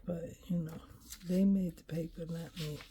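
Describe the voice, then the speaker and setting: Woman, dark gravelly voice, casual coloring narration, muttered asides and whispers. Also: low-pitched, steady tone. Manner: quiet, muttering to herself, drifting into whispers; unhurried and hesitant, thinking aloud. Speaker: coloring video creator.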